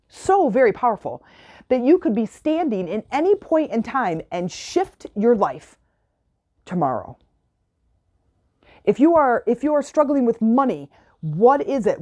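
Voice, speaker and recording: Woman host, spiritual coach type; mellow, earnest, repetitive self-help delivery. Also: mid-range voice. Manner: earnest, repetitive, voices imagined clients. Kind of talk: motivational self-help talk.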